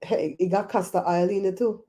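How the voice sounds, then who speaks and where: Chatty woman hosting a livestream, mellow voice. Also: mid-range voice, fairly even intonation, brisk. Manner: chatty, laughs often, talks to viewers by name. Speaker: livestream host. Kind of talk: casual livestream chat.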